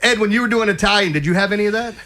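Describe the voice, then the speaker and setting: A man hosting a casual sports radio show, telling animated stories with frequent laughter. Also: sits high, racing. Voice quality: animated storyteller, laughs often.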